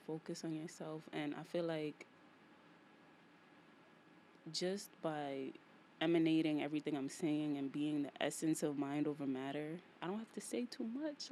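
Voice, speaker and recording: A woman's voice: sits low, a little slow, long pauses, a little hiss or hum. A woman with a New York accent hosting a casual solo podcast, talking in a playful, slangy way and repeating phrases for emphasis. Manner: animated, playful, slangy, vents with emphatic repetition. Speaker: podcast host.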